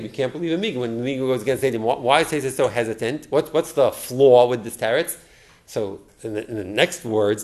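A man teaching a Talmud lesson, explaining it step by step with rhetorical questions and frequent restarts. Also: medium pitch. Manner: halting, restarts words.

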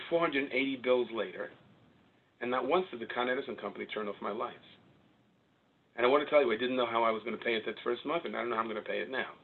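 Husky older rabbi preaching over a phone line. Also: male voice, mid-range voice. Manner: animated storyteller, acts out dialogue, swings to loud exclaiming peaks. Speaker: rabbi giving a talk. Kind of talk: Orthodox Jewish sermon with storytelling.

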